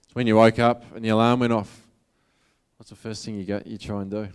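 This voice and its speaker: This Australian man speaks to an audience as a motivational speaker, earnest yet casual. His delivery is flat and fairly quick, and his fairly low voice sounds smooth and resonant.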